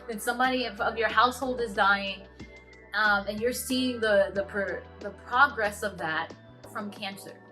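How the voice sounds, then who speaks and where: Bright-voiced young woman telling a personal story. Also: mid-range voice. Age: 20s. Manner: halting, earnest, full of restarts. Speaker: vlogger.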